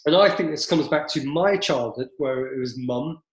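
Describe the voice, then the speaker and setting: A man's voice: mid-range voice, moderate pace. A man hosting a casual podcast chat, rambling and hesitant with lots of fillers. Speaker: podcast host. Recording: echoey room.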